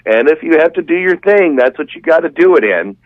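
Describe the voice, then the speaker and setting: A man's voice: fairly high pitch, expressive, brisk, no room sound. A man telling a long, rambling, enthusiastic story as a guest in a casual podcast chat. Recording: dull, dry, lo-fi sound.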